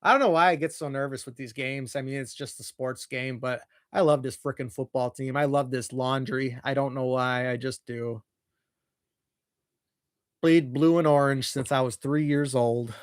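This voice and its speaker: A young man giving nervous, excitable fan play-by-play of a football game, his voice jumping during big plays. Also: medium pitch, normal speed, no room sound, studio quality. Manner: nervous, excitable, voice jumps when plays unfold. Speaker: fan commentator.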